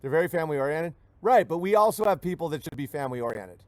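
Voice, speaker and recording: On a talk stream he hosts, a male comedian rants in jest and wanders off topic, often imitating other voices. His pitch leans high, his delivery is animated and quick, and there's no room sound.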